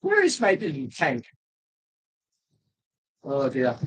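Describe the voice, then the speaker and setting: A man hosting a casual livestream, chatting with viewers in a rambling, jokey way with frequent pauses. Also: mid-range voice, huge pitch swings, husky, low-quality recording. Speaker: livestream host.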